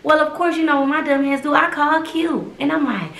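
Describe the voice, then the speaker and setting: A young woman on a live stream, telling a personal story in a profane, animated, slangy way. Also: high voice, a little fast, slight background noise. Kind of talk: casual storytelling to a live audience. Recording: echoey room.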